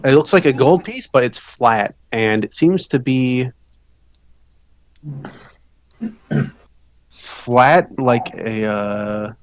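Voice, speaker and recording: A man narrating as game master of a tabletop game, often pausing and restarting mid-sentence. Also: mid-range voice, no room sound. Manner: halting, with fillers and restarts.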